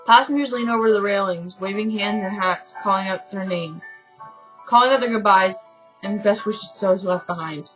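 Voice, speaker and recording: A woman's voice: mid-range voice, normal speed, music in the background, poor audio. A woman reading a story game aloud in a casual let's-play, often stumbling and correcting herself, with chatty asides.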